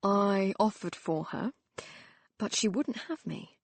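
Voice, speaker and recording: A woman voicing an earnest, guarded young Victorian gentleman who answers tersely and defensively. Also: medium pitch, lively intonation, slow, dry recording.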